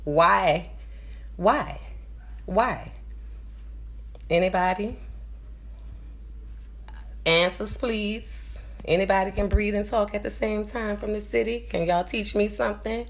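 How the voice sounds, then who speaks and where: This woman speaks at mid pitch, slowly, with frequent pauses. She's a New Orleans vlogger in her forties with a nasal local accent, rambling casually to viewers, often checking in with "you understand?" and shifting from loud to soft.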